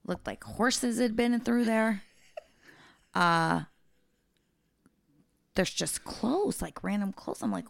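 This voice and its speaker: A woman's voice: medium pitch, lively intonation, slow pace, vocal fry, pauses often, no room sound, studio quality. A woman co-hosting a casual podcast, telling a blunt, profane story from her work. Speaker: podcast co-host.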